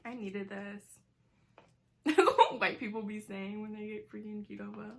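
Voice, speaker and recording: Animated and a little slow, a mid-range female voice carries a casual mukbang vlog where a woman in her twenties eats as she talks. She's chatty, leans heavily on "like" and adds giggly asides.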